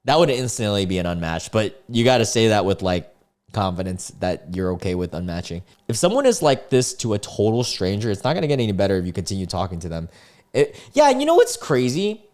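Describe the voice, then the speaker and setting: A young adult man hosting a casual reaction video about dating chats. He is incredulous and rambling, with animated reactions. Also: lowish voice, a little fast. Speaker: host reading online dating chats.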